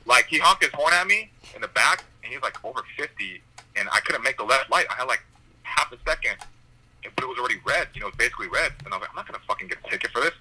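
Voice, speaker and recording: A young man chats as a podcast guest with a bright, cutting tone. He tells lively stories, swears freely and laughs often. His voice comes over a phone-like line. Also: mid-range voice, very fast. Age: young adult. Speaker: comedian guest. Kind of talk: casual podcast chat.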